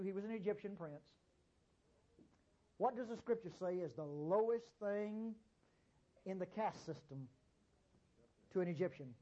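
A man delivers a sermon in a husky voice. His pitch swings widely, leaping up and dropping low as he presses his points and keeps urging listeners to hear him. The recording sounds dull and lo-fi. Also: darkish tone. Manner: emphatic, repeats "listen to me", sudden jumps in pitch and volume. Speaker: preacher.

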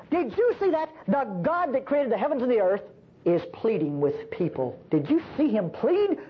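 A woman preacher giving a sermon at a church service, emphatic and animated, often asking the congregation rhetorical questions. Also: high-pitched, a little fast, slightly rough, dull audio.

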